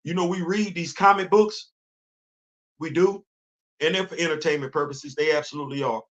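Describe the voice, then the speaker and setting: A middle-aged man hosts a livestream in a slightly high, steady, somewhat bright voice at normal speed, and the recording sounds muffled. He answers his live chat with fervent, colloquial, preachy commentary.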